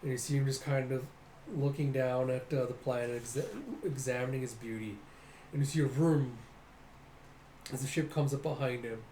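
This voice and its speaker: A man's voice: mid-range voice, fairly even intonation, normal speed, warm tone. A young man casually narrating a comic readthrough in a loose, rambling way. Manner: loose, rambling, lots of "he's like". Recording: echoey room, faint noise.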